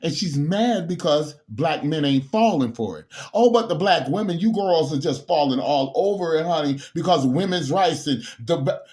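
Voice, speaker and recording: Man, high-pitched voice, heated political rant, sudden shouts, stumbling restarts. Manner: heated, preachy, repeats words and restarts, sudden loud outbursts. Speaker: bishop.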